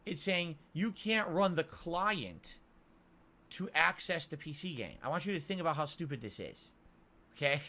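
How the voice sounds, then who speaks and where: Bright-voiced man on an indignant rant. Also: on the high side, animated, moderate pace. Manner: indignant, complaining. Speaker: streamer. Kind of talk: ranting monologue.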